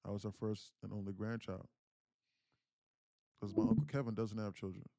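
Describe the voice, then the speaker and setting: Telling a personal family story on his day trading livestream, a man around thirty speaks with earnest candor and often repeats himself. He has a fairly low, warm voice with vocal fry and a moderate pace. The studio-quality recording is dry.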